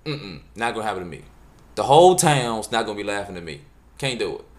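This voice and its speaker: A man telling funny everyday stories to the camera in a loose, casual way, jumping into voices to act out the scenes. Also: fast talker. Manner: animated, jumps into high voices when acting out scenes; loose casual speech, drops words. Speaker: vlogger. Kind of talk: casual storytelling monologue.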